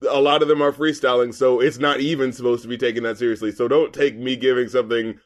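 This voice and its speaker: A man co-hosting an album review show in casual chat, animated and joking, swearing and laughing a lot. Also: mid-range voice, quick pace.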